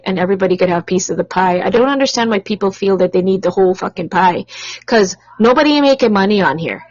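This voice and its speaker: A woman's voice: medium pitch, no echo, muffled recording. A woman from Canada co-hosting a podcast, blunt and outspoken, with a cough from bronchitis. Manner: blunt, swears, talks back. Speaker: podcast co-host. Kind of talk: casual podcast banter.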